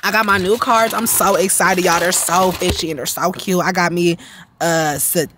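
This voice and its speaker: A woman vlogging casually from a car, loud, brash and profane, talking fast in slangy chat. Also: fairly low pitch, fairly even intonation, heavy background noise.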